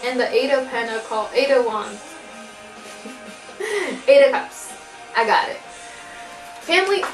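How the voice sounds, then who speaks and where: Higher-voiced woman, casual swearing tarot reader, echoey home room. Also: measured pace, soft background music. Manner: profane, laughing, chatty. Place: home with family noise in background.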